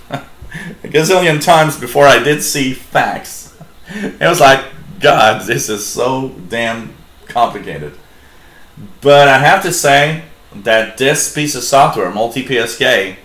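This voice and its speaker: A man with as his hosts a live hobby radio stream, talking slowly and loosely, full of ums and restarts. His voice sits at a middle pitch and rings in a roomy, echoey space. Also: fairly bright tone. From Canada. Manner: rambling, many fillers and restarts. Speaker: shortwave radio show host. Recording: echoey room.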